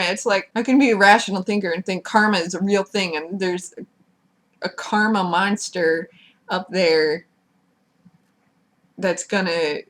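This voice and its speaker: A woman's voice: mid-range voice, a bit bright. A woman giving a casual, sarcastic recap of a TV episode, swearing freely and mocking the cast. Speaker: recap vlogger.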